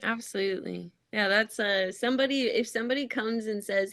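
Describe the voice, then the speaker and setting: Gravelly-voiced earnest woman co-host. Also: mid-range voice, normal speed, fairly bright tone, no echo. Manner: earnest and easygoing, says "like" a lot. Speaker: podcast co-host. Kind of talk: casual podcast chat.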